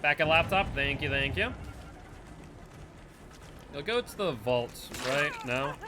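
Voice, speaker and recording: A man's voice: fairly high pitch, animated, takes it slowly, noisy background. A man with a Northeastern US accent, streaming a game live and rambling to chat between plays. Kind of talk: live gameplay commentary and chat.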